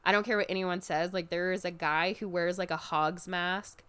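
A woman recapping a show in casual chat, animated and expressive, swearing freely and jumping up in pitch when excited. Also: normal speed, clean tone. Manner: jumps high in pitch when excited, drops low for asides.

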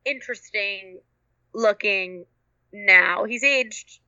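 A woman's voice: medium pitch, slow pace, sharp tone, no echo, lo-fi sound. A young woman co-hosting a podcast, chatting casually about movies in a blunt, playful way. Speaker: podcast co-host.

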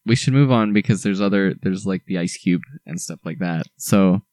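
A man's voice: low-pitched, normal speed, darkish tone, no room sound. A young man co-hosting a casual podcast, talking in enthusiastic, rambling bursts with lots of restarts. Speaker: podcast co-host.

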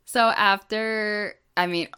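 A woman's voice: medium pitch, steady tone, takes it slowly, sharp tone, clear, resonant tone. A woman co-hosting a podcast, telling a story in casual chat with many fillers. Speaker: podcast co-host.

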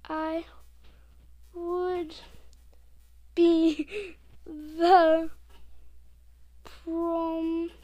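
A young woman vlogs casually, slowly reading her text messages aloud in an extremely high, monotone, mellow voice. She giggles and sometimes drops to a whisper.

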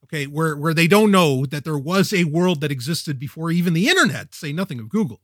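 A man hosting a tech podcast, talking casually in an energetic, wisecracking way that often breaks off and restarts. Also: on the high side, fairly quick, no room sound, clean studio sound. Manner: energetic, wisecracking, self-interrupting. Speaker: podcast host.

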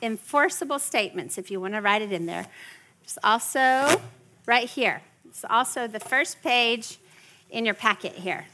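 Middle-aged woman running a parenting workshop; bright, slightly high voice, chatty and checks in with the group. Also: animated, measured pace, a little hiss or hum. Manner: chatty, keeps checking in with listeners. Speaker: parenting class instructor. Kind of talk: workshop teaching to a live group.

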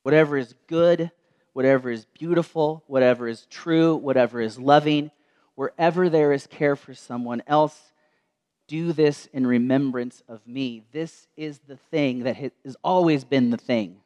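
A man preaching a sermon in a church, telling a story and dropping to slow, soft tones for quoted words. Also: medium pitch, muffled recording.

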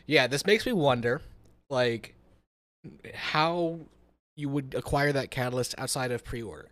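A young man with a mid-pitched voice banters playfully about games, throwing in jokes. The sound is dry and close, with no room sound. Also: unhurried, fairly bright tone, no echo. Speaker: podcast co-host. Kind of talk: casual gaming chat.

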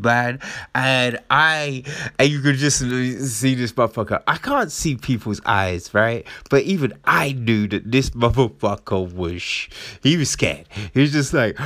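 A man, hosting a podcast in a rambling, profane, animated monologue while his nose is blocked. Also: medium pitch, a little slow, dry recording, soft background music. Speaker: podcast host. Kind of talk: casual storytelling monologue.

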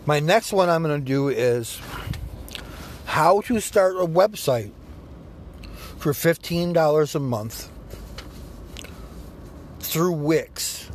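A man with a fairly high voice hosts a solo podcast rant. He talks bluntly and swears a lot. A faint hiss of noise runs behind him. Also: expressive, slow pace, long pauses. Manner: blunt, profane, ranting. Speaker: podcast host.

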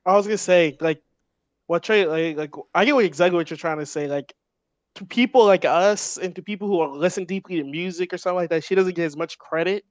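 A man talks music on a casual podcast. His voice sits a little high and he is blunt and animated, laughing often. The sound is dry and close. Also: fast, no echo. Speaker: podcast co-host. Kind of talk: casual chat.

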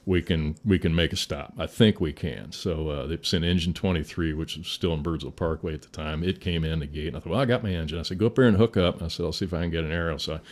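Speaking fast in a bass voice and pausing little, a Midwest fire chief shares a war story. His delivery is folksy and casual, sprinkled with cursing and the occasional chuckle.

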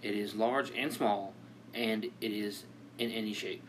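A man's voice: lowish voice, steady tone, measured pace, a little hiss or hum. A man co-hosting a casual comedy podcast, posing riddles and laughing often. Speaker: podcast co-host.

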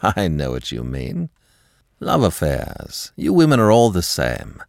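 Secretive husband in a storybook reading, deep and grave, dry close sound, as the narrator plays him. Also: male voice, wildly swooping pitch, vocal fry, darkish tone, dry recording, heavily acted. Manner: grave, low, deliberate. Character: husband, smooth-talking, secretive, quick to anger. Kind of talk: audiobook character reading.

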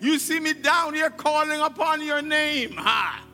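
High, bright-voiced male pastor preaching. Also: unhurried. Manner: exclamatory preaching, frequent laughs, call-and-response. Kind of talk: sermon. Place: church sanctuary. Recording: long hall reverb, faint music.

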